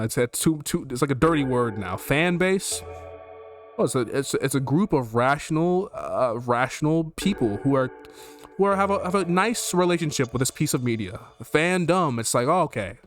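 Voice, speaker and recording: Guy streaming a game at home, reads the text out and rambles, swears a lot, mid voice, quiet music under it. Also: mid-range voice, animated, normal speed. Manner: rambling, jokey and profane, easily startled. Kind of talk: casual let's play commentary, reading game text aloud. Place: at home with his dog.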